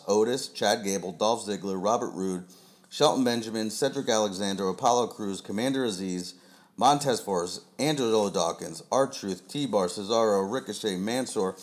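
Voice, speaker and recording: A man hosting a casual chat show, giving laid-back, rambling predictions. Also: on the low side. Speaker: podcast host.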